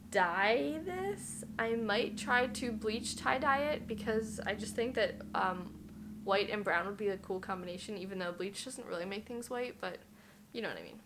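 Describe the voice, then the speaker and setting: A woman's voice: on the high side, animated, moderate pace, background noise. A woman in her twenties talking casually through an unboxing review, chatty and self-deprecating, with lots of fillers. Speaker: thrift vlogger.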